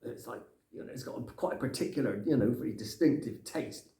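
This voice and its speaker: A man's voice: mid-range voice, brisk, mellow, close to an everyday voice. A man playing a grumpy older Englishman who rambles and rants in a comic monologue, tagging his lines with "right?". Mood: musing. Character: grumpy older Englishman ranting about clutter. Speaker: comic character. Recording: echoey room.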